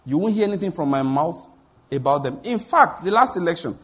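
A man's voice: on the high side, lively intonation, a little fast, fairly bright tone, breathy edge. A man preaching a sermon as a pastor, telling stories and acting out the voices of the people in them. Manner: storytelling, acts out quoted voices, laughs at his own anecdotes.

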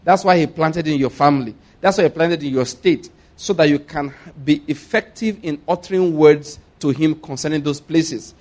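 A man's voice: a little high, moderate pace, few pauses, a little mellow. A male pastor preaching a sermon, repeating his points and asking the congregation to respond.

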